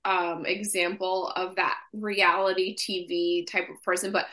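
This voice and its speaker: A woman's voice: lowish voice, little pitch movement, a little slow, fairly bright tone. A woman with a Boston accent co-hosting a podcast, enthusiastic and chatty. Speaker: podcast co-host. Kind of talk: casual chat.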